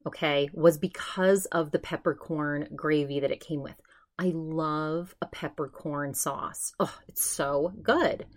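A young woman hosting a podcast, telling a story in casual chat with animated quoted asides. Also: low voice. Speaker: podcast host.

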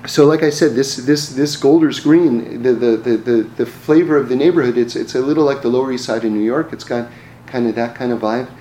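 Man, mid-pitched, relaxed storyteller who stumbles and restarts, recorded in a roomy space with faint background hum. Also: fairly quick, few pauses. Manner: repeats words in restarts, chuckles at his own stories. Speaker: speaker telling personal stories. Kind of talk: casual storytelling talk. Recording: roomy echo, faint ambience.

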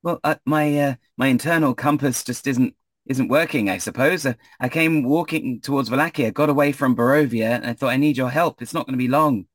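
A man's voice: brisk, no room sound, lightly acted. A man voicing a frantic young nobleman who is stranded on the road and pleads for help, then takes offence. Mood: pleading. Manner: high-pitched, breathless, indignant.

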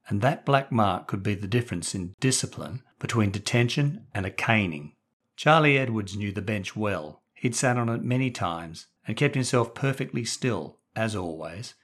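Low-voiced man narrating a story. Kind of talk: scripted audiobook narration.

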